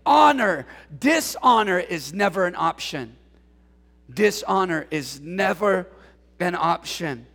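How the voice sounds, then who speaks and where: A man preaching a lively sermon in a church, calling on the congregation to respond and mixing in jokes. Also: sits high, takes it slowly, creaky, in a large hall. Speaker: pastor. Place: church sanctuary.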